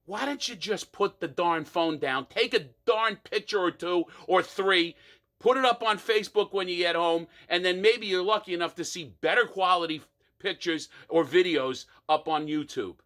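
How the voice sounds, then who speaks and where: A man performing an exasperated comic rant monologue, mocking people with quick impressions. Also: sits high, a bit bright.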